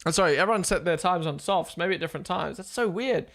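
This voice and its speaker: A young man hosting a live race watchalong stream, chatting casually, excitable and swearing as he thinks aloud. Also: high-pitched, fast talker, vocal fry.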